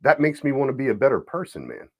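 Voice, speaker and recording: A man's voice: fast, husky. A middle-aged man hosting a podcast, telling personal stories in casual conversation. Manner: animated storytelling with swooping pitch. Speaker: podcast host.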